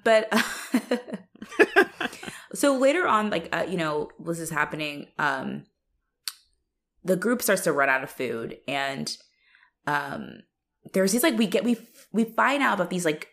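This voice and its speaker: A woman co-hosting a podcast, telling stories in a laughing, animated way and swearing casually. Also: low-pitched, unhurried. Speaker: podcast co-host.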